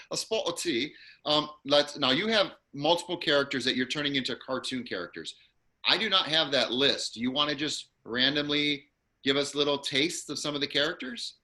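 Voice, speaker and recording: Male acting-class host on a video call, very bright voice, encouraging, upbeat. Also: a little high, normal speed.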